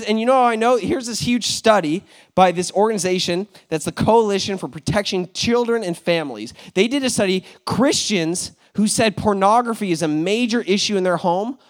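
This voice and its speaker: A man's voice: very high voice, a bit bright. A young man preaching a sermon as pastor, in a casual, joking manner full of fillers.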